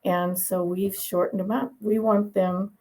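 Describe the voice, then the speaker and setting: A woman dog breeder tells her stories in a relaxed, opinionated interview. Her voice is gravelly and husky, with a grainy, rough texture. She talks in a chatty way and laughs easily. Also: medium pitch, a little slow, low-quality recording. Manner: chatty, opinionated, laughs while telling anecdotes. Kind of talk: conversational interview storytelling.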